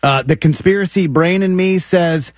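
A man with a somewhat high voice co-hosting a casual sports talk show, talking in a rambling way with stammered restarts and self-deprecating asides. His voice is close and dry, with no room sound. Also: moderate pace, dry recording.

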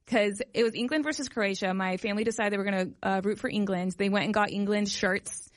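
A woman's voice: mid-range voice, fairly even intonation, fast, no room sound, studio quality. A woman co-hosting a radio show, telling a story in a chatty way with lots of "like". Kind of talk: casual radio chat.

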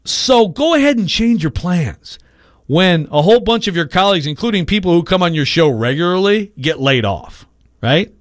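A man's voice: high-pitched, no room sound. A man hosting a sports radio show in casual, sarcastic banter from a studio mic. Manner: animated, sarcastic, quick asides. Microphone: studio microphone.

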